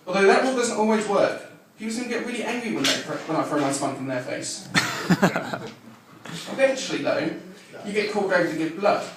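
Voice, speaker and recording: A man doing a live stand-up routine with crude, deadpan one-liners. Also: high-pitched, moderate pace, very noisy. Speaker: stand-up comedian. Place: comedy club stage. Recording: echoey live room from far off, audience laughter. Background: audience laughing.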